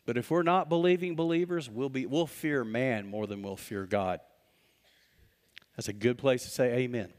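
A male pastor preaching a lively, joking sermon and reading scripture aloud. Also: mid-range voice, moderate pace, long reverb tail. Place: church sanctuary.

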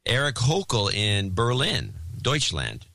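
Co-hosting a podcast from Oakland, California, a man reads donor names aloud in casual banter, joking whenever he stumbles over foreign names, which he mangles and repeats. His medium-pitched voice swings hugely in pitch, with a slow pace and a sharp tone. There's no echo.

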